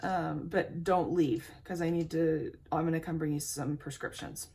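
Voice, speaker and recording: A young woman with a low, gravelly voice talks through a rambling, candid story at her makeup table. She chats casually between steps of her routine, drifting a little off the camera mic now and then. A faint hiss sits under the recording. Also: normal speed, hardly any pauses, darkish tone. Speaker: beauty vlogger. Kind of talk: chatty get-ready-with-me storytelling.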